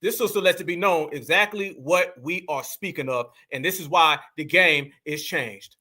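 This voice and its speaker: A man's voice: on the high side, moderate pace, sharp tone. A man hosting a commentary show, talking emphatically in slangy, preacher-like bursts. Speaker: commentary host. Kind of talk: reaction commentary.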